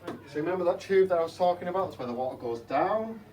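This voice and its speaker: Mellow-voiced man explaining fish to kids. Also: sits high, lively intonation, fast. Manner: playful, chatty, asks the kids rhetorical questions. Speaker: aquarium technician. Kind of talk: explaining to children while working. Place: indoors at a school aquarium. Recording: slightly distant mic with faint hum.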